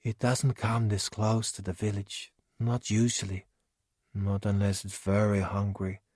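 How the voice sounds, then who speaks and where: A man's voice: fairly low pitch, level tone, unhurried, darkish tone, dry recording, clean studio sound. A man voicing a simple, childlike cave creature who talks in a naive, earnest way in a storybook. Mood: worried.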